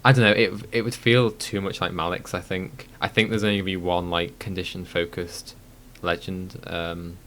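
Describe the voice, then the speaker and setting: A man's voice: deep voice, flat delivery, normal speed, a bit bright, a little hiss or hum. A man co-hosting a casual gaming podcast who thinks aloud, hedging with frequent ums. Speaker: podcast co-host.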